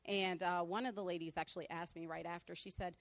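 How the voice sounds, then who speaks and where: A woman's voice: fairly low pitch, steady tone, fast talker, no room sound. A woman who led a small discussion group at a retreat, speaking conversationally to a church congregation. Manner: conversational, with fillers. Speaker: women's retreat group leader. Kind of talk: spoken testimony.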